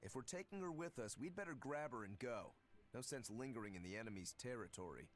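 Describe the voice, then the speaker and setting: An actor playing a gruff, practical fighter in a video game, terse and matter-of-fact. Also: medium pitch, expressive, fairly quick, soft background music, lightly acted. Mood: brisk.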